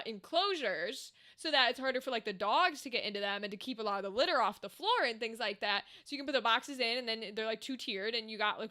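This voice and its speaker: Animated high-voiced woman rambling casually. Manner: rambling, animated, swears freely. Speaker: streamer chatting with viewers. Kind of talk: casual live-stream chat while gaming.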